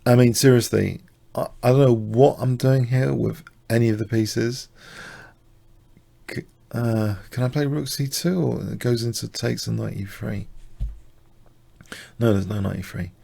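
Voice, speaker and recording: A tired man commentating his own blitz chess game live, muttering self-deprecating remarks and clearing his throat. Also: medium pitch, fairly even intonation, a little slow, mellow. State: slightly exhausted, coughing. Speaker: chess streamer.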